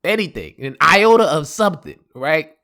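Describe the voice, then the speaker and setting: A man spinning a personal story for his vlog, relaxed and slangy. His pitch swings wildly from low mutters to high bursts, and he laughs often. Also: normal speed. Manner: animated, slangy, laughing a lot.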